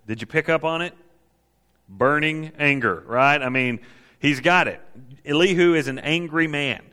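Preaching a sermon on counseling, this man has a slightly high, bright voice and a forceful tone at a moderate pace. He is emphatic, repeating key phrases for weight, and a large hall adds long reverb.

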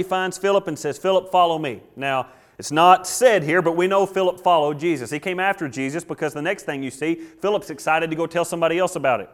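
A male pastor, preaching a sermon and acting out quotes with lively shifts in delivery. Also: on the high side. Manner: animated preaching with acted-out quotes.

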